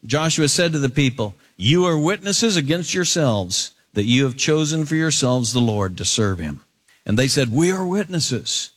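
A male pastor preaching, reading scripture aloud and adding expressive asides. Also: medium pitch, moderate pace. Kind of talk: sermon.

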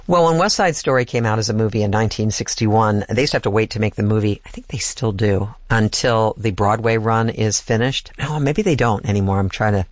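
Older male host with a low voice. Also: dry recording. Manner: rambling, corrects himself mid-thought. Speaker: radio music host. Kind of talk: casual storytelling between music.

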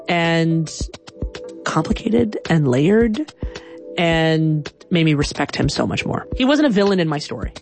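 A woman telling a personal story in an animated way, acting out other people's voices and using "like" a lot. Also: sits low. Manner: animated, acts out voices, filler "like".

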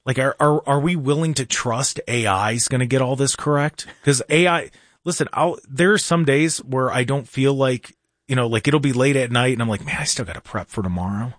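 A man's voice: medium pitch, fairly quick, no room sound, studio quality. A man hosting a casual talk show, chatting in a rambling way with many restarts and fillers. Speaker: show host. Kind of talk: casual live-stream show chat.

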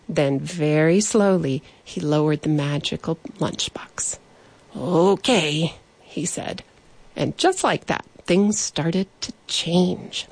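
A woman reading a children's bedtime story, gently and very slowly, in a somewhat low voice. The sound is close and dry. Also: slightly rough, no echo.

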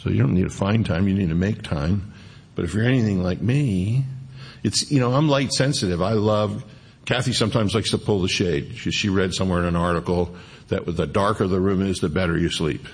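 A man's voice: low voice, a little fast, breathy edge. A middle-aged male pastor preaching a sermon in a conversational way, with homely asides and scripture read aloud.

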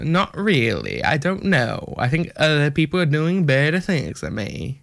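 A man's voice: fairly high pitch, huge pitch swings, a little slow, vocal fry, few pauses, fairly bright tone, dry recording, studio quality. A young man hosting an online radio show in a put-on American country accent. He rambles casually and pokes fun at himself, with lots of fillers. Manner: rambling, self-deprecating, chatty with many fillers.

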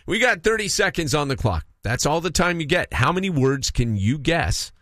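A man's voice: fairly high pitch, dry recording, clean studio sound. A man hosting a radio morning show, joking with co-hosts and reading out a game promo with a call-in number. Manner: lively, jokey, fast promo delivery.

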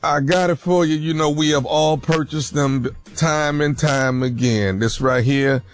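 A man's voice: fairly high pitch, steady tone, a little slow, faint music behind. A man introducing a prank in playful radio banter. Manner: playful, jokey. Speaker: prank caller introducing the bit.

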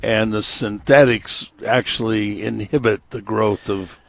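A middle-aged man hosting a radio gardening show, giving slow, folksy, instructive advice. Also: on the low side, steady tone, creaky, dry recording.

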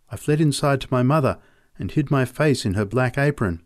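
Guy reading stories out loud, lots of ups and downs in his voice, dry close mic. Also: on the high side, fairly quick, no room sound. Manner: expressive, varied storytelling delivery. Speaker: narrator. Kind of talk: reading short stories aloud.

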